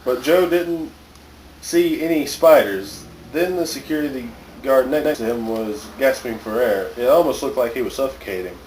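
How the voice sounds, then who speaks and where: A man's voice: mid-range voice, expressive, normal speed, a little mellow, roomy sound, recorded from a distance, slight background noise, rough recording. A man casually reading a story aloud to friends, stumbling over words now and then. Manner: casual, stumbling, laughs often. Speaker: story reader. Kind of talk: joking comedic reading aloud.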